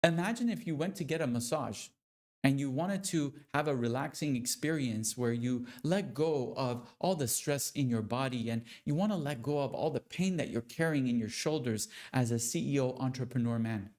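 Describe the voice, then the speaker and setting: A man giving a motivational talk to other men, speaking with slow, deliberate, preacher-like emphasis. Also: fairly high pitch, animated, darkish tone. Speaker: motivational coach.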